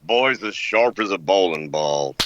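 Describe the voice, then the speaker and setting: A man's voice: deep voice, lively intonation, unhurried, dull audio, background noise, voice pushed down. A man doing an impression of a blustery, boastful cartoon rooster with a drawl.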